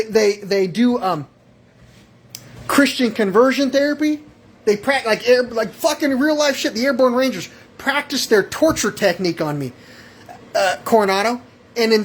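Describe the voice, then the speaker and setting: This radio caller's husky voice sits high as he rants with agitation and profanity. His thoughts jump around, and he plays out small back-and-forth exchanges as he goes.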